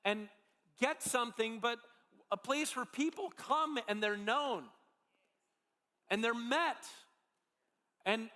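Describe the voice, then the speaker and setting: A man with a high, bright voice preaches a sermon. He tells it earnestly and haltingly, restarting his phrases often. The sound carries the long reverb of a big church hall. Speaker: pastor. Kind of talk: sermon storytelling.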